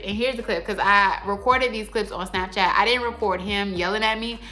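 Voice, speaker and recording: A young adult woman telling a story to her viewers in a casual, animated, slangy way. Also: mid-range voice, brisk, hardly any pauses. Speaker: vlogger.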